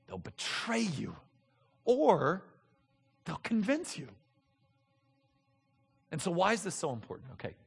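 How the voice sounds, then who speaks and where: Impassioned preacher in a reverberant hall. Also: male voice, sits high, wildly swooping pitch, unhurried, gravelly, long pauses, breathy edge. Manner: impassioned, swings from soft and intimate to loud and emphatic. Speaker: pastor. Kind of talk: sermon.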